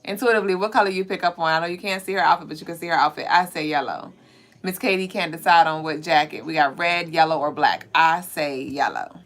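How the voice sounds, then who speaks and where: A woman from Savannah, Georgia, with a Southern accent and a low, fairly bright voice, hosts a livestream at a quick pace. She reads viewer comments aloud, chatting playfully and laughing often.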